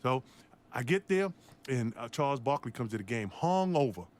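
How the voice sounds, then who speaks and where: A middle-aged man, a former basketball player, telling a story with lively acted-out voices. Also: mid-range voice, moderate pace, slight background noise. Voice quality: animated, acts out voices in the story.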